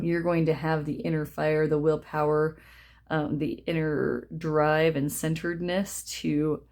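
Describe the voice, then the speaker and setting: Casting: young woman, low voice, chatty reassuring card reader speaking to camera at home. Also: a little mellow. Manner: chatty, reassuring, reads card titles aloud. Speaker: tarot reader. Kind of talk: casual card reading to camera. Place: indoors at home.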